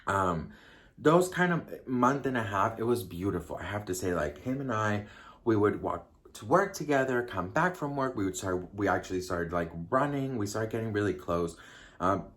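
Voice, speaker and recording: A young man tells a personal story straight to his viewers in a chatty, confiding way, full of fillers and asides. His voice sits a little low for a man. He keeps it casual and conversational throughout. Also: lively intonation, normal speed, a bit bright. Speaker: vlogger.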